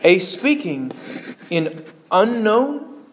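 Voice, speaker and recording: A man preaching a sermon as pastor, animated and breaking into joking asides to his congregation. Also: sits high, drawn-out words, a little hiss or hum. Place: church sanctuary. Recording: dull lo-fi sermon recording.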